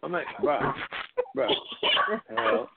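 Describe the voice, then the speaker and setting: A man hosting a call-in tribute show, telling stories in a casual, animated way, swearing often and acting out his friends' lines. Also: high-pitched, slow pace, gravelly. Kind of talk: casual storytelling chat. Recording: phone-line audio with hiss.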